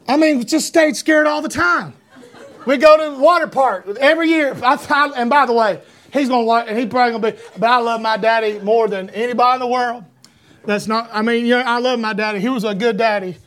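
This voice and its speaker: A middle-aged Southern pastor with a Georgia accent and a markedly high voice. He wanders through homespun stories with stammered restarts and self-deprecating humor, then lifts into a shouted sermon. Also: fairly quick.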